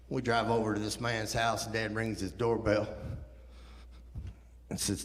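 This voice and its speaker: A man's voice: lowish voice, normal speed. A man in his fifties, a guest speaker telling a personal story in a sermon, acting out the voices of the people in it. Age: 50s. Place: church sanctuary. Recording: echoey church hall.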